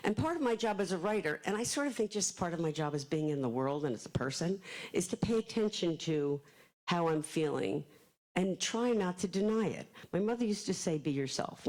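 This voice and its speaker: An older woman from Philadelphia with a Philadelphia accent, an author giving a fast, chatty, joking live talk at a library event. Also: on the low side, lively intonation, darkish tone, poor audio. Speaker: author speaking to an audience.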